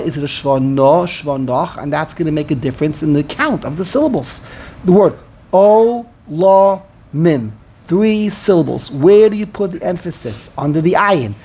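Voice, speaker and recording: High-voiced man explaining grammar points. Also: darkish tone, breathy edge. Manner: explanatory, repeats words while thinking. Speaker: Torah study participant. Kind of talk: casual study discussion.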